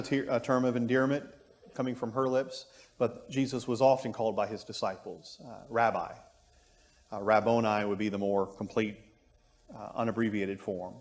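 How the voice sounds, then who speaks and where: A man teaching an adult Bible class, musing aloud and thinking through his points with frequent restarts. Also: medium pitch. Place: church classroom. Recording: long reverb of a church room.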